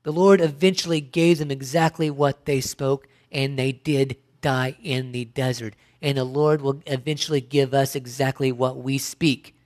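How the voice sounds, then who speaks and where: A man's voice: mid-range voice, steady tone, normal speed, few pauses, a little mellow. Middle-aged pastor, man, preaching with emphatic rhetorical questions and frequent restarts. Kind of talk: sermon.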